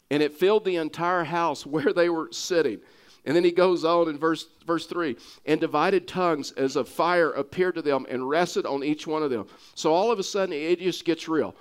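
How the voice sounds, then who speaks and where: A man preaching with a Texas accent, his voice sitting somewhat high for a man. He talks earnestly and keeps circling back, repeating and restarting phrases to drive a point home. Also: moderate pace, clear, resonant tone. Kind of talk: sermon.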